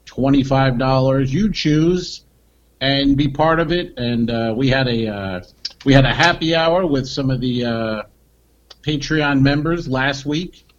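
Dry rambling podcast host, lo-fi. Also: male voice, medium pitch, a little slow. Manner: dry, meandering, many fillers. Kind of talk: casual banter.

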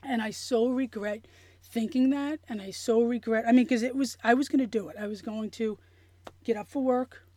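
A woman telling a personal story in an interview, earnest and emotional, halting with many restarts and fillers. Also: a little high, steady tone, mellow, no echo, studio quality. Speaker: interview guest.

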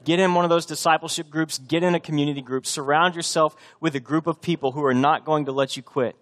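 Earnest pastor from Texas preaching. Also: male voice, a little high, fairly even intonation, fast. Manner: earnest, conversational preaching with bursts of coach-like shouting. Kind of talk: sermon.

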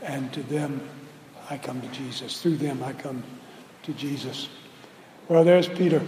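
A man preaching a sermon as pastor, slow and deliberate, building to loud emphatic peaks. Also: medium pitch, slight background noise. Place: church sanctuary. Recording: roomy hall reverb with faint ambience.

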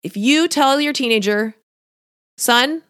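A woman's voice: medium pitch, animated, moderate pace, no room sound, clean studio sound. A woman coaching on diet and nutrition in a casual solo podcast talk, conversational, often laughing lightly and acting out what her listeners might think. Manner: conversational, often acts out listeners' thoughts in quotes; laughs lightly while talking.

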